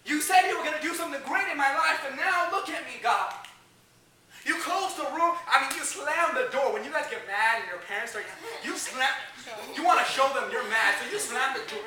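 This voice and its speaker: A man gives a lively youth sermon, acting out the voices in his stories and shouting at the high points. His voice is high and very bright. It comes from a distance, with a lot of echo from a large hall. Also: fairly quick. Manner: animated storytelling, shouting peaks, acts out quotes. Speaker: youth preacher. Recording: echoey hall, heard from a distance.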